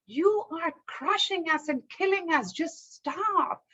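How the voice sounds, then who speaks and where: A woman's voice: very high-pitched, lively intonation, takes it slowly, sharp tone, muffled recording, voice pushed up, exaggerated voice. A woman voicing an indignant ant king. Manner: indignant, scolding. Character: king of the ants, irritated and proud.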